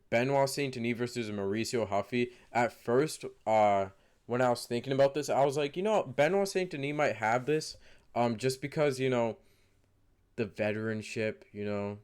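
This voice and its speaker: A man's voice: mid-range voice, a little mellow, smooth. A man casually talking through fight predictions to camera in a rambling way. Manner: rambling, many fillers and restarts. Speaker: MMA fight predictions vlogger.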